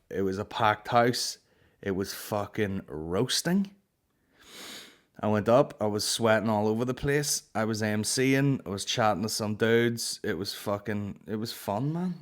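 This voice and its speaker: A young Northern Irish man talks to his podcast listeners in a loose, rambling way, swearing freely and filling gaps with "you know". His voice sits a little low. He sounds like he is telling stories to mates. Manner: swears freely, rambling storytelling with frequent fillers. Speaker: podcast host. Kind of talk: casual solo podcast chat.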